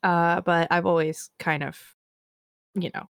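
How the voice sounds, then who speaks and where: A woman in her thirties chatting on a podcast, slow and unhurried. Her voice sits a little low and she talks hesitantly, poking fun at herself. The sound is dry and close. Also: level tone, vocal fry, clear, resonant tone, no echo. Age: 30s. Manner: hesitant, self-deprecating, many fillers. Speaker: podcast co-host. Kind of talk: casual podcast chat.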